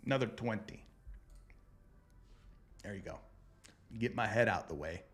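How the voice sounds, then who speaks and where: A man with a lowish, slightly slow voice hosts a casual sports betting show. He jokes loosely with viewers, calls them brother, and runs through his picks.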